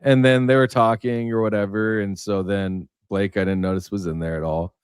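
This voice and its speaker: A man's voice: lowish voice, fairly even intonation, moderate pace, clean tone, no echo, clean studio sound. A man hosting a casual livestream, telling stories in a rambling way with many fillers. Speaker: livestream host.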